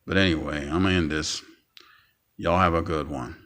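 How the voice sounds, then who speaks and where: A man's voice: very deep voice, fairly even intonation, moderate pace, fairly bright tone. A man ranting angrily in a vlog monologue, profane and stammering, repeating himself and sounding emotionally tired.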